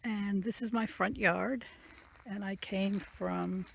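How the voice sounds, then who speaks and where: A woman speaks slowly with fairly even intonation and a creaky, medium-pitched voice as she gives a relaxed, rambling walking tour of her rural land. As the channel owner, she points out features of the woods and fields, recorded on a handheld phone with a little hiss or hum.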